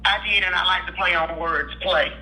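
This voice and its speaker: A woman's voice: lowish voice, fairly even intonation, moderate pace, pushed and bright. A woman calling in as a guest, friendly and modest, heard over a tinny phone line. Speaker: caller guest. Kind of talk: phone conversation.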